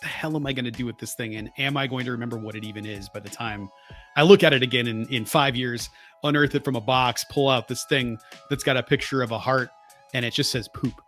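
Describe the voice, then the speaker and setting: A man's voice: medium pitch, fast talker, fairly bright tone, faint music behind. A man in his thirties co-hosting a podcast, telling rambling stories and correcting himself as he goes. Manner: rambling storyteller, self-correcting. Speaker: podcast co-host. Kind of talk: casual chat.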